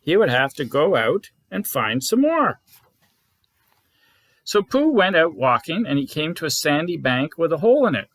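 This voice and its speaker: A man who leads a scout group, reading a bedtime story aloud in a gentle, expressive way. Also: a little high, moderate pace, dry recording. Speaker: scout leader.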